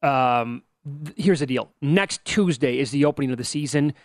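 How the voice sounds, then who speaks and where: A man co-hosting a casual sports betting radio show, teasing his partner in quick back-and-forth banter. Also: medium pitch, no echo, studio quality.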